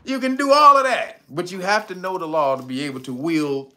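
A man's voice: sits high, lively intonation, fairly quick, few pauses, sharp tone, slight background noise. A man hosting a livestream, talking tough and blunt with profanity, breaking into laughs. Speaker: livestream host. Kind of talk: livestream pitch and commentary.

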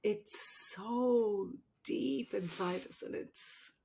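Tearful older woman speaking slowly. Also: medium pitch, creaky, mellow, a little hiss or hum. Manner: tearful, halting, tender. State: crying. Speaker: podcast host, midwife and mother. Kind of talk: emotional heart-to-heart podcast chat.

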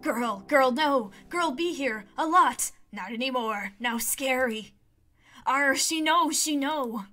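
Woman voicing a twitchy game bird: shrill, bright, squawks short repeated phrases. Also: animated, slow, faint music behind, full character voice. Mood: squawking. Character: suspicious squawking talking bird, frantic.

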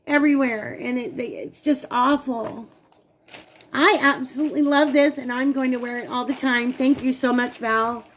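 A woman co-hosting a casual unboxing vlog, gushing and talking straight to her viewers. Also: high voice. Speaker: channel co-host.

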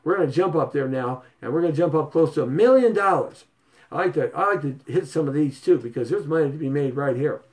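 A man hosting a real estate show pitches properties to his viewers in a playful, showy way. His voice sits a little high and swings widely. He stretches words into sing-song repeats and stutter gags. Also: lively intonation, fast talker, darkish tone. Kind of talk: casual sales pitch to viewers.

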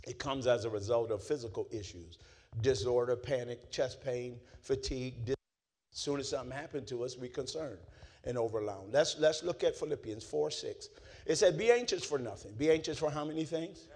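A man preaching a sermon as pastor, pulling the congregation into call-and-response and swinging between low, quiet talk and shouting. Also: moderate pace.

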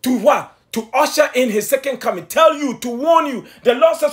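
His pitch is extremely high, his pace a little fast with few pauses. The man gives an impassioned commentary on a sermon, urgently emphatic, repetitive, asking rhetorical questions and stammering into restarts whenever he gets excited.

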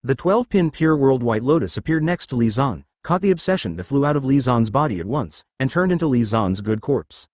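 Machine-read male narrator, lively pitch. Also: a little fast, hardly any pauses, no room sound, studio quality. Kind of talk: text-to-speech novel reading.

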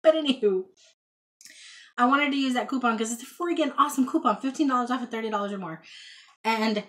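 A woman's voice: on the high side, quick pace, fairly bright tone. A woman chatting casually to camera about her thrift finds in a child's bedroom at home, rambling and folksy. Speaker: thrift haul vlogger.

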